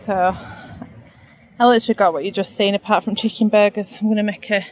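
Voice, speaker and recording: A woman's voice: medium pitch, steady tone, fast talker, slight background noise. A woman, chatting casually to her phone camera for a family vlog, rambling and laughing often. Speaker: family vlogger. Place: car, then home bathroom.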